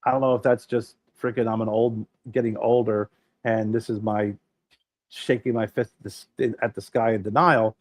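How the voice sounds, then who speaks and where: A man's voice: fairly low pitch, normal speed, no room sound. A middle-aged man co-hosting a casual podcast, telling stories with a lot of swearing and acting out the people he quotes. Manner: animated storyteller, swears freely, acts out quoted people. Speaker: podcast co-host. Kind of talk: casual chat.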